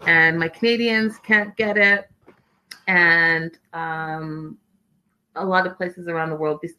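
In a low-quality recording, a young adult woman with a fairly low-pitched, bright and forceful voice runs a casual livestream recap. She's chatty and gossipy about a reality show, reading viewer comments aloud and answering them.

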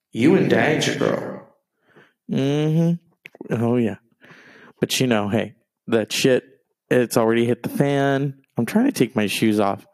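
A man's voice: mid-range voice, vocal fry, darkish tone, no echo. A man in his late thirties hosting a solo podcast, rambling and gossiping with plenty of swearing. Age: 30s. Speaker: podcast host.

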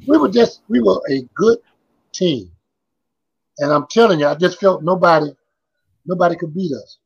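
A man's voice: high-pitched, moderate pace, gravelly, slightly rough, highs cut off. An older man, a former basketball player, reminiscing as a guest in a casual interview, telling his stories in a rambling, repetitive way.

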